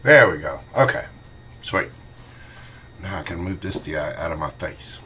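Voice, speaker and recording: A man's voice: deep voice, lively intonation, measured pace, sharp tone, a little hiss or hum. A man co-hosting a live stream, joking casually while he fiddles with his equipment. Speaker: co-host running the stream setup.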